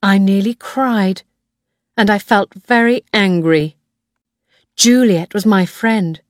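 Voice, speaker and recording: Woman audiobook narrator, unhurried and measured, close and dry. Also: mid-range voice, dry recording. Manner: slow, clear, measured reading.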